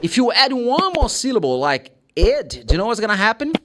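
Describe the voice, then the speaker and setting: Lively Brazilian man teaching English. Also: sits high, brisk, heavy background noise. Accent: Brazilian Portuguese. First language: Portuguese. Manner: animated, demonstrating sounds by repeating words. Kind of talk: casual video lesson.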